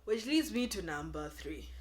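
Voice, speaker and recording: A young woman giving business advice to camera, animated and sassy, acting out customers in quick voices. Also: low-pitched. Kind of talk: casual advice talk to camera.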